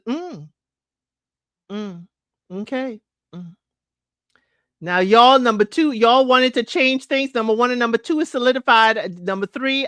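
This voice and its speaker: Woman host, unhurried chatty solo talk, higher voice, dry close mic. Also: fairly bright tone, dry recording. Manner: chatty, addresses listeners as y'all, sings snippets of lyrics. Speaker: podcast host. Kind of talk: casual solo talk about music.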